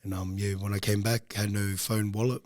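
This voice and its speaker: Young male guest, low voice, rambling casual storyteller, dry close sound. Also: level tone, moderate pace, a little mellow, no echo. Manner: low-key, loose, rambling with frequent ums. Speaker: podcast guest.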